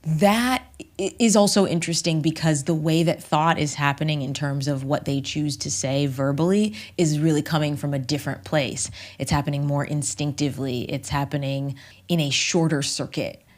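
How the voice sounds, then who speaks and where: Low, deep-pitched woman guest, a voice coach, deliberate and emphatic, slipping into near-whispers. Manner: measured and emphatic, drops at times into a whisper. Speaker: voice teacher and author. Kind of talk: reflective podcast interview.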